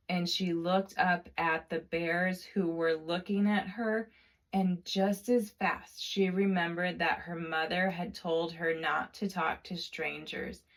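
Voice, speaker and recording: A woman telling a children's storybook tale with expressive narration and dramatic, drawn-out repetitions. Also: fairly low pitch.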